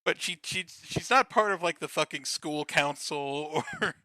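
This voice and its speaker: A man with a very bright, slightly high voice talks through a TV episode with a friend. He swears constantly and keeps breaking into laughter. The sound is dry and close, with no room around him. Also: expressive, measured pace, no room sound. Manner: swears constantly, laughs often, loose and joking. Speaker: podcast co-host and author. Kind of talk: casual episode recap chat.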